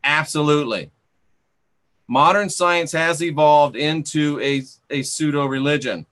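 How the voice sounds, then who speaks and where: A man hosting a live chat stream, sarcastic and scolding, who reads out comments and bans rude viewers. His voice sits a bit high and comes across bright and forceful. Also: a little slow. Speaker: channel host.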